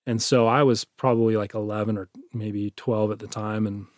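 A man telling a personal story in an interview, halting, with many restarts, his voice trailing off quietly at the ends of phrases. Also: lowish voice, little pitch movement, dry recording, clean studio sound. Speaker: interview guest.

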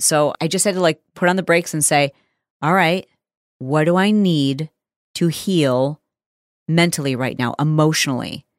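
A woman's voice: on the low side, no room sound, studio quality. A middle-aged woman hosting a podcast, telling a personal story in a candid, emotional, self-reflective way. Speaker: podcast host.

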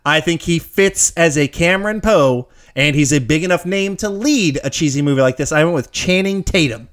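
A man co-hosting a casual podcast chat, enthusiastic and opinionated, dropping quick affirmations. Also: fairly high pitch, a bit bright. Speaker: podcast co-host.

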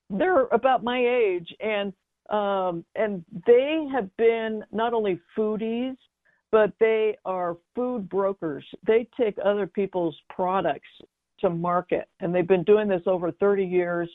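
A woman's voice: mid-range voice, slow, dry recording. Chatty middle-aged woman, interview guest, storytelling, phone-like sound, dry. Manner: chatty, with many fillers and restarts. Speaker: guest, baking mix business founder. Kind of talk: telling a personal story in an interview. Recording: dry, tinny phone-like line.

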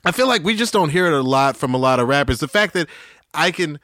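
A man's voice: fairly high pitch, expressive, quick pace, fairly bright tone, no echo. A man from Atlanta co-hosting a podcast, musing enthusiastically through a casual music breakdown. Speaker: podcast co-host. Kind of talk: casual music-discussion chat.

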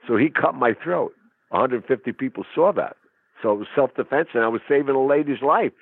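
A husky man telling a dramatic story in conversation, acting out quotes in a tough-talking way. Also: mid-range voice, animated, fairly quick, dry recording. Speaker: interview guest. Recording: phone-like narrow sound, dry.

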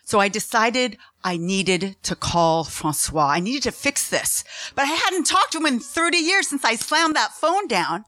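Lively middle-aged woman telling a story. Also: fairly high pitch, unhurried, no echo. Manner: animated, self-mocking, laughs while telling. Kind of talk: personal story told live on stage.

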